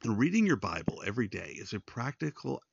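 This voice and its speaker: A man's voice: medium pitch, sing-song, a little fast, vocal fry, slightly rough, dry recording, muffled recording. A man hosting a devotional podcast, giving earnest, conversational Bible teaching straight to his listeners. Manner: earnest, pastoral, addresses listeners directly.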